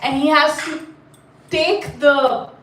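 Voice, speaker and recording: A woman's voice: high voice, takes it slowly, a little hiss or hum. Woman telling a story in a roomy space. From India. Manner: animated, chatty, asks the group questions. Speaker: storyteller teaching a class. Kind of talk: lively storytelling for listeners. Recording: roomy, mic at a distance.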